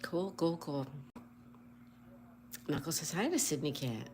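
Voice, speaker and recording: A woman's voice: low voice, animated, takes it slowly, a little mellow, a little hiss or hum. A woman hosting a casual livestream, greeting viewers by name, reading chat messages aloud and spelling crossword answers letter by letter. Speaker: livestream host.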